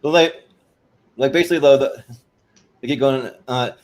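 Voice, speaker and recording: A man's voice: mid-range voice, moderate pace, a little mellow. A man co-hosting a podcast in casual chat, laughing as he retells a comedy sketch. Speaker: podcast co-host.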